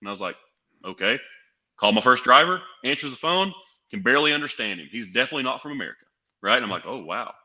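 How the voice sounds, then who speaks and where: A man's voice: medium pitch, very fast, lo-fi sound. A young man from Tennessee, a guest on a podcast, telling a story and acting out the dialogue in it. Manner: animated, acts out quoted dialogue. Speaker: guest, pro wrestler and sales executive.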